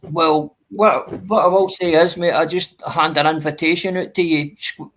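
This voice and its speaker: A man's voice: on the high side, steady tone, moderate pace, fairly bright tone, slight background noise. A man, a guest on a casual live-stream chat, earnest and swearing, calling people mate.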